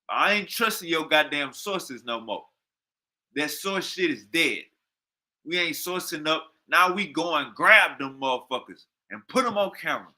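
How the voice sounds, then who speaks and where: Fired-up profane man reacting loudly. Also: fairly high pitch, expressive, a little slow. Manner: heated, profane, slangy, repeats himself. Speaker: reaction streamer. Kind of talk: loud reaction commentary.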